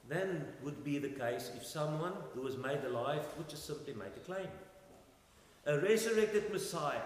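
A man's voice: fairly high pitch, slight background noise. Man preaching in an echoing hall. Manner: dramatic swings in loudness, rhetorical questions. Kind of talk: sermon. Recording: echoey hall with long reverb.

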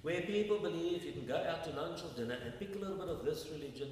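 A man preaching a sermon, emphatic and fond of rhetorical questions put to his congregation. His voice sits at an everyday pitch and comes from some way off the mic. A long, booming hall reverb and a faint hiss of room noise surround him. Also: quick pace, a little mellow, recorded from a distance.

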